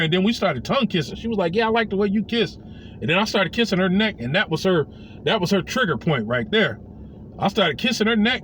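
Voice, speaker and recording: Animated man telling a casual story. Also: high-pitched, slight background noise. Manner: animated, voices the people he quotes.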